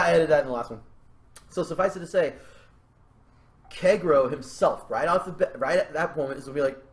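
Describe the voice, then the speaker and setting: A man with a somewhat high voice talks through his story plans in a loose podcast chat. He rambles, drops casual swearing and often restarts mid-sentence. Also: fairly quick, long pauses. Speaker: podcast host.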